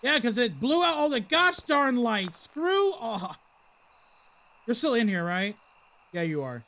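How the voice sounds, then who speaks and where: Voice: mid-range voice, very animated, unhurried, bright, forceful tone. A game streamer talking through a live ghost-hunting session, chatty and exasperated, mock-cursing at the game and chatting with viewers. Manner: chats with viewers in the live chat. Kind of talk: live gameplay commentary.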